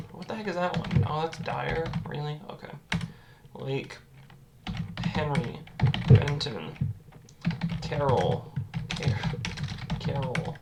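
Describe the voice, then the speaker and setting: A woman quietly reciting place names from memory, correcting herself now and then and making wry asides. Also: rumbling low, very noisy. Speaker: geography video creator. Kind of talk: muttering recall while typing. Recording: loud keyboard clatter close to mic. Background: loud keyboard typing.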